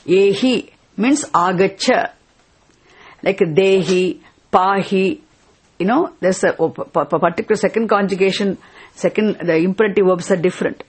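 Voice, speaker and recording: A woman's voice: medium pitch, normal speed, husky. A woman teaching scripture, explaining a chanted verse word by word and patiently repeating key terms.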